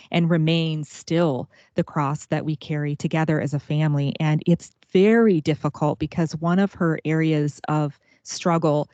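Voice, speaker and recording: A woman's voice: low-pitched, a little mellow, dry recording. A woman hosting a faith-based talk show, speaking earnestly and reflectively about family struggles. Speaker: podcast host. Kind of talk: casual faith-based interview chat. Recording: dull, dry lo-fi sound.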